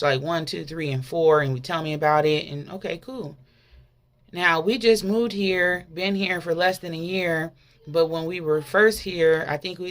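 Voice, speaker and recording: A woman's voice: on the low side, fairly bright tone. A woman preaching an impassioned, conversational sermon, full of rhetorical questions to the congregation.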